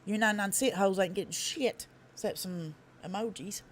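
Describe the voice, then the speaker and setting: A woman with a Tennessee Southern accent hosting a live stream, talking fast with a blunt, profane, folksy drawl. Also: mid-range voice, a little hiss or hum. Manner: fast talker. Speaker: livestream host. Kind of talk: casual live-stream commentary.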